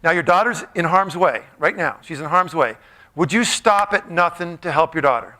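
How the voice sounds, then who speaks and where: A man's voice: fairly high pitch, expressive, moderate pace, sharp tone. A man giving a playful, jokey motivational talk, quizzing a live audience in a large room. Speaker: motivational speaker.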